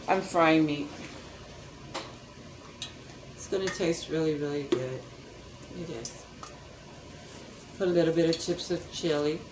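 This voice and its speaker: Older woman, lowish voice, chatty home-cooking host; pans clatter behind her. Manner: chatty and rambling, talks to viewers as she works. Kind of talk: casual cooking demonstration. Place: home kitchen. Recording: noisy kitchen with clattering pans.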